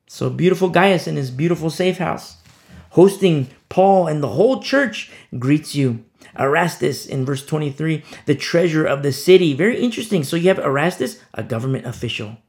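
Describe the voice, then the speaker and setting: A man gives a casual, conversational sermon, slipping into short acted-out scenes as he goes. His voice is gravelly with a pitch a touch higher than most men's. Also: sing-song, moderate pace, darkish tone. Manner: conversational preaching, acting out little scenes. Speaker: pastor. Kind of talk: informal sermon on a Bible passage.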